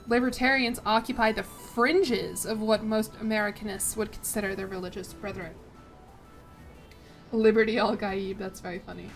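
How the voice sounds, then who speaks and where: Woman streamer playing a strategy game, reads stuff out and trips on words, swears a lot, kinda high voice, faint music behind. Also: a bit bright. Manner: reads game text aloud, stumbling and swearing; chatty asides with frequent "like". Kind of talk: casual gameplay commentary.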